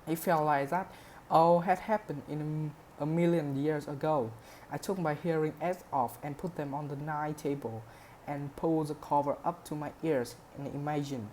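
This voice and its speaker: Low-voiced woman reading a story. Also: normal speed, slight background noise. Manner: steady reading with small slips. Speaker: reader. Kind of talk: reading a novel aloud.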